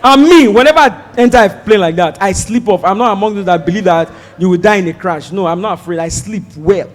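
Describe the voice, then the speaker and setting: A Nigerian man doing stand-up, telling a story and acting out the dialogue with sudden loud outbursts. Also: sits high, fairly quick, in a large hall. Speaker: stand-up comedian.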